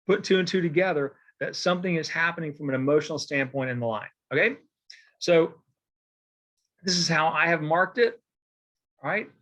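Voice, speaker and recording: A man with a fairly high, fairly bright voice gives a recorded poetry lesson, rambling casually with plenty of fillers and repeated "okay?" checks as he writes on a board, marking examples by hand.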